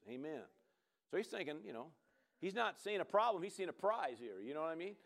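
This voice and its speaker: A man with a notably high voice delivers a sermon. He talks to his listeners in a loose, conversational way, stopping often for quick asides and checks that they follow. His delivery stays animated throughout. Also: vocal fry. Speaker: preacher.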